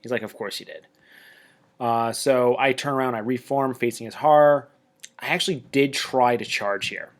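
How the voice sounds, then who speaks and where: A man narrating a tabletop wargame battle report in a casual, chatty way, with excitable jokey asides. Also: mid-range voice, normal speed.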